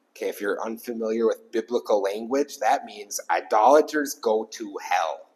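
A pastor preaching an emphatic sermon to a small congregation, repeating key lines for weight. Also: male voice, on the low side, moderate pace, darkish tone, low-quality recording. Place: small church gathering.

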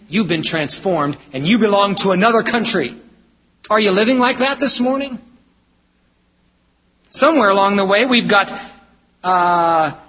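An American pastor with a breathy edge to his voice preaches a sermon emphatically, swinging between loud exclamations and low, intense statements. Hall reverb surrounds him.

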